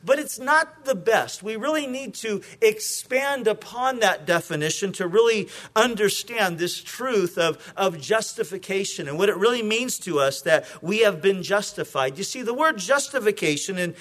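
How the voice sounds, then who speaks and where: Lively high-voiced male pastor. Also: moderate pace, few pauses. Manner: animated, joking with the congregation. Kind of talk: sermon.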